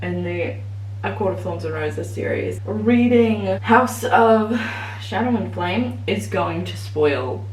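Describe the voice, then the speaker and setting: A woman's voice: medium pitch, expressive, slow, darkish tone, a little hiss or hum, rough recording. Chatty young New woman vlogging. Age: 20s. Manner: chatty, self-mocking, openly nervous. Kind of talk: casual reading vlog chat. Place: her bathroom at home. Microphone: camera on a tripod.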